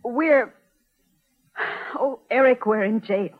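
An actress playing an anxious young wife calling for help in a 1940s radio soap, in a tinny old broadcast. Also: female voice, a little high, slow pace. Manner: pleading, worried.

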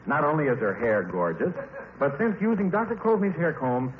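A man hosting a 1940s radio comedy show, chatting in a wry, halting way and narrating a sketch. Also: on the high side, animated, crowd noise. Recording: old lo-fi radio recording with hiss.

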